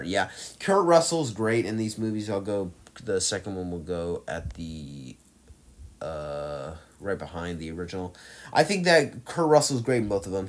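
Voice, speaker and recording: A man casually ranking movies on his own channel, rambling with lots of fillers and restarts, getting louder and softer as his enthusiasm rises and fades. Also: on the low side. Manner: enthusiastic, swings loud and soft. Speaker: movie reviewer ranking films. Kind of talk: casual rambling tier-list vlog.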